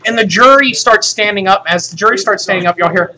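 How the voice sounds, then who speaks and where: A game master narrating a tabletop game in an animated, storytelling manner. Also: mid-range voice, fast talker, a crowd in the background. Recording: noisy recording of a game table.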